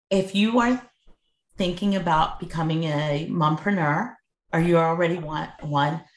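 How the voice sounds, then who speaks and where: A woman, a mother and business coach, answering interview questions in an earnest, thoughtful way with many fillers. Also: sits low. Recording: echoey room.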